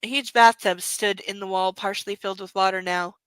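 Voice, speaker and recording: Bright, wry woman reading aloud. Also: medium pitch, fairly even intonation, brisk, smooth, no echo, low-quality recording. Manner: wry, exasperated asides. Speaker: host reading a book aloud.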